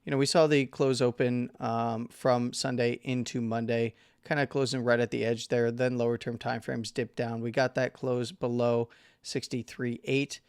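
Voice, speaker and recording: Host, male, hoarse from a long day, casual meandering chart analysis, crisp but gravelly. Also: medium pitch, little pitch movement, normal speed, darkish tone, dry recording, clean studio sound. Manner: rambling, self-correcting, filler-heavy. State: losing his voice. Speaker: crypto market analyst host.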